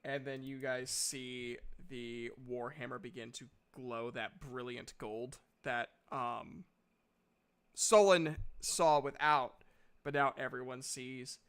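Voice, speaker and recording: A man narrating a tabletop game as game master in a relaxed, chatty way. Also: mid-range voice, slow pace, smooth.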